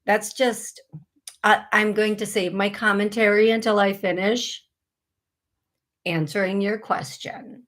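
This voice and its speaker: A woman's voice: mid-range voice, fairly even intonation, measured pace, long pauses, a bit bright. A middle-aged woman hosting a live call-in show as a psychic medium, talking in a chatty, blunt way and laughing at her own asides.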